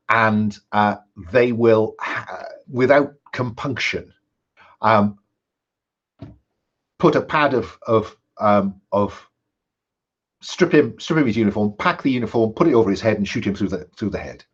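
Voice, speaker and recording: Male game master, husky, steady and hesitant narration, dull lo-fi recording. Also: fairly low pitch. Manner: measured, frequent ums and restarts.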